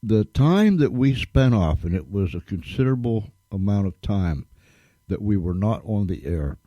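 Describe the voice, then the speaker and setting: A man with a low, mellow voice hosts a radio show at an unhurried pace. He talks in a folksy, emphatic way and leans on repeated thanks. The sound is close and dry. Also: sing-song, no room sound, lo-fi sound. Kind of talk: casual radio talk.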